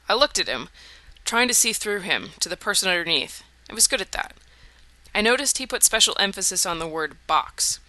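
Sharp, bright, dry audiobook narrator. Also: medium pitch, very animated, a little fast, no room sound. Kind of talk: first-person audiobook narration.

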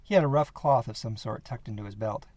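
A man narrating a horror story in a steady, measured reading voice. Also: fairly low pitch, dry recording.

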